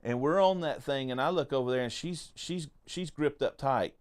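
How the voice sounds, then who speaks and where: A man's voice: mid-range voice, normal speed, clean tone. A man hosting a faith podcast, chatting casually and telling jokey, folksy stories with frequent restarts. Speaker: podcast host.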